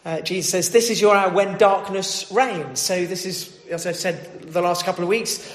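A man with a high voice reads scripture and then preaches. He talks loosely, with plenty of fillers and restarts. The recording is echoey, with a long reverb from a church hall. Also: moderate pace. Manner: conversational with many fillers and restarts. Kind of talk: scripture reading and sermon.

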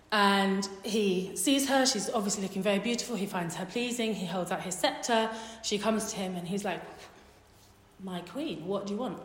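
A woman retelling a Bible story in a sermon, chatty and humorous, with wry asides. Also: medium pitch. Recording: echoey hall reverb.

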